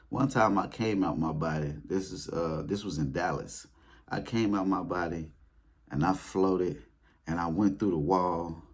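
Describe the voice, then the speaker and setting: Husky man telling wild stories. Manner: animated, acts out his own past reactions in a high voice. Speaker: spiritual video creator. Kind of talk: casual storytelling monologue.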